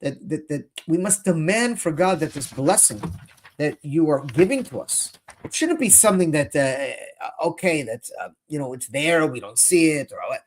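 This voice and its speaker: In a fairly high, expressive voice at a moderate pace, a man gives a Torah lecture on Chassidus in English, mixing in Hebrew and Yiddish phrases. His impassioned indignation rises until he is nearly shouting.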